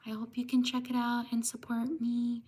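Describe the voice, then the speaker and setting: A woman livestreamer giving slow, careful shout-outs to viewers while writing their names by hand, often apologizing for pronunciation. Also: a little high, completely flat delivery, husky.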